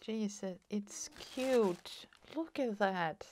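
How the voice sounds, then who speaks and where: A woman who grew up in Sweden, a native Swedish speaker, chatting slowly and softly in English while she opens a parcel for her crafting vlog. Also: medium pitch, animated, slight background noise. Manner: slow, soft-spoken, delighted. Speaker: crafting vlogger. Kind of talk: casual chat, opening a parcel.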